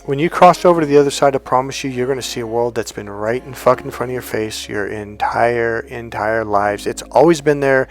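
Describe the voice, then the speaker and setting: Male dating coach, middle-aged, blunt and profane storyteller, middle pitch, faint music bed. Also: fairly quick, few pauses. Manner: blunt, swears freely, acts out quoted lines. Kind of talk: storytelling monologue to camera.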